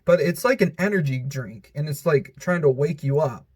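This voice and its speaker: A man's voice: a little high, moderate pace, a little mellow, husky. A man giving a giggly, rambling casual commentary countdown as a vlogger, full of filler words.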